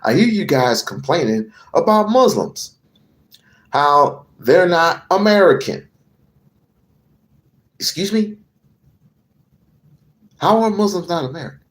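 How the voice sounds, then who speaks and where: Man as a commentator on a heated rant, slightly raised voice swinging widely, slow deliberate delivery, swears and repeats himself for emphasis. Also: a little high. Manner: profane, emphatic, repeats phrases. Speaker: political commentator. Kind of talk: heated political rant to camera.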